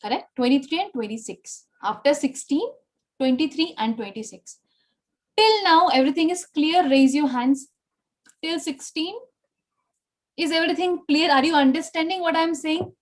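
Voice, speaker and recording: In an online Spanish class, a high-pitched teacher from India speaks at a moderate pace and explains with patience. She keeps tacking on "okay?" or "right?" to check that her students follow along.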